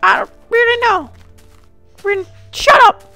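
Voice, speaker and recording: A gamer voicing a shrill, scolding mother of a child monster in a high falsetto, snappy and dismissive. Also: unhurried, creaky, bright, forceful tone, faint music behind, full character voice.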